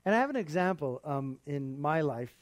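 A man's voice: on the high side, sing-song, normal speed, dry recording. Earnest man preaching a casual sermon. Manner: conversational and earnest, with laughs.

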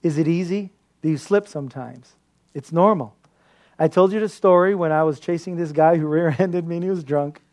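Animated laughing male pastor. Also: a little high, moderate pace. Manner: animated storytelling with frequent laughter. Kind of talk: sermon.

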